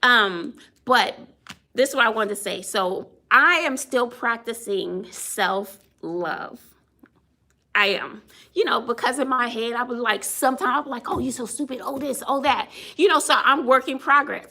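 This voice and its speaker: A woman's voice: on the high side, measured pace, sharp tone. A woman who is a teacher, chatting casually to viewers on a phone livestream, laughing often and greeting people as she tells a story.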